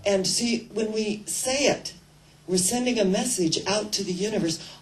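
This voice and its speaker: An older woman preaching a sermon, telling stories expressively and leading listeners in deep breaths. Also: a little slow, slight background noise, rough recording. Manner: storytelling, expressive, leads congregation in breathing. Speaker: minister.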